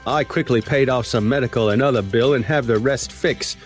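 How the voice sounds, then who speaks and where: A man's voice: medium pitch, a little fast, faint music behind, natural voice. A man voicing a pushy online scammer in a put-on Australian accent, his voice raised and salesy. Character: pushy male Facebook scammer promising free grant money.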